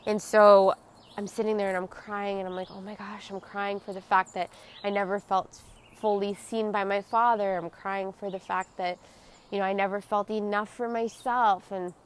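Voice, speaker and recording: A woman hosting her own podcast, speaking in an earnest, confessional and emotionally open way, dropping soft and close at tender moments. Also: medium pitch. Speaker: podcast host. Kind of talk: personal reflective monologue.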